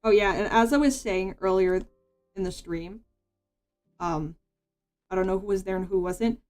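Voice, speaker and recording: A woman streamer talks casually at her desk mic while drawing, her thoughts rambling and full of "like" and restarts. Her pitch sits in the middle range. Soft music plays faintly behind her. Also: normal speed.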